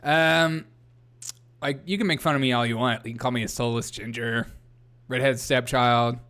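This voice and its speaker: A man's voice: medium pitch, fairly even intonation, moderate pace, a bit bright, smooth. A man hosting a casual comedy news livestream, rambling, laughing often and reading chat aloud. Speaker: host.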